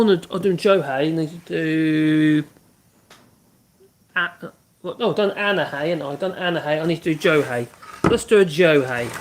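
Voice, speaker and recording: Hosting a casual woodworking livestream, a man chats as he works, rambling and humming to himself. His voice sits high with a fairly bright tone, and there is slight background noise.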